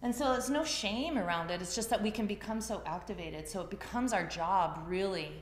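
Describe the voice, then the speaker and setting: A woman leads a yoga class, addressing the group in a conversational, storytelling style. She has a medium-pitched voice and speaks fairly quickly. The classroom recording is echoey, with faint ambience and slight background noise.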